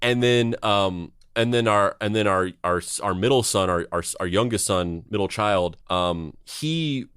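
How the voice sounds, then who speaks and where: A man's voice: lowish voice, unhurried, few pauses, fairly bright tone, smooth, no echo. A man in his thirties, a podcast co-host, telling a story in a rambling, conversational way with a sardonic, blunt edge. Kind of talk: casual chat.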